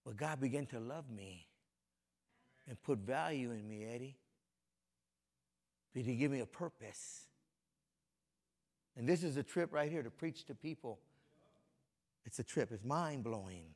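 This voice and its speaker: A middle-aged pastor from Compton, California preaches in a conversational style, addressing members of his congregation directly. His voice sits at a medium pitch and is expressive and slightly mellow, moving a bit slowly with frequent pauses.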